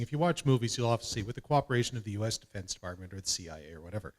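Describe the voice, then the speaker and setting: A man's voice: medium pitch, fast. A man from Canada telling a self-mocking anecdote on a conference panel, acting out the voices of people he quotes. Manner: lively, self-mocking, acts out quoted dialogue. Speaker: panelist, film producer.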